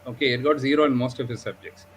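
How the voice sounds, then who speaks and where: A man's voice: mid-range voice, steady tone, very fast, a little hiss or hum, low-quality recording. A man, a diabetes doctor, telling a story animatedly in a live discussion, often adding 'okay?' and 'you know'.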